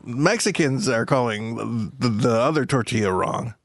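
A man's voice: mid-range voice, dry recording, clean studio sound. A man in casual chat who rambles and restarts his sentences. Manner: rambling, halting, full of restarts.

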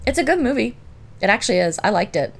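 A woman's voice: mid-range voice, very animated, fast talker, creaky. A young adult woman co-hosting a podcast, telling stories in casual chat with a blunt, profane, laughing manner. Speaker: podcast co-host. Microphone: phone.

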